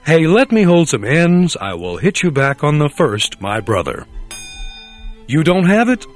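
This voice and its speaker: A man's voice: fairly high pitch, very animated, unhurried, soft background music. A man playing a stiff, overly polite young man in a parody commercial.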